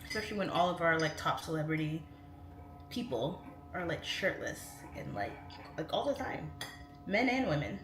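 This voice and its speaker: A woman's voice: sits low, expressive, normal speed, a bit bright. Chatty woman livestreaming from home. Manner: chatty and rambling, reads viewer comments aloud. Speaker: live stream host. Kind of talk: casual livestream chat. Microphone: phone on its side. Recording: echoey room with faint music.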